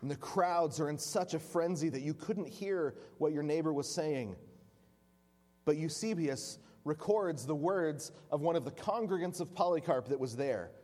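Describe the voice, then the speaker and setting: Male preacher, vivid storyteller, slightly high voice, recorded in a reverberant hall. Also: moderate pace, darkish tone. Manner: vivid, dramatic narration. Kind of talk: sermon storytelling.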